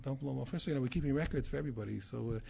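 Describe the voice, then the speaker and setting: A man's voice: mid-range voice, rapid-fire, creaky, dark tone. A man talking to his students as their rabbi, rambling and repeating himself, with Hebrew terms mixed in. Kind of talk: informal talk with a story. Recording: dull lo-fi sound, faint room noise.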